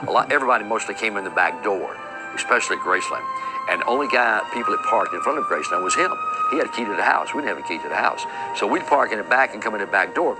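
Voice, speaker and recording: Interviewee, man, quick lowish voice, animated anecdote, music under. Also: rough recording. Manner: animated, fast storyteller. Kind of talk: anecdotal storytelling.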